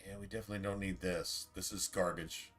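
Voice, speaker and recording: Guy streaming a game, bright forward voice, rambling chat, faint music behind. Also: sits low, level tone, quick pace. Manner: rambling, talks in restarts and asides. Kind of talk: casual chat while streaming gameplay.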